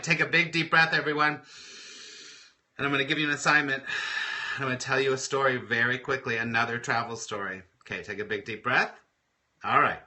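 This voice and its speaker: A man's voice: mid-range voice, bright, forceful tone. A man hosting a live motivational morning show as a spiritual coach, telling stories expressively and often repeating phrases.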